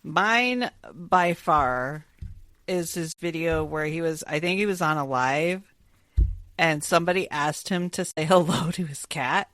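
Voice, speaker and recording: A woman's voice: low voice, a little slow, a bit bright, dry recording. A woman co-hosting a podcast in casual chat, gushing and laughing as she talks. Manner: gushing, chatty, laughs while talking. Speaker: podcast co-host.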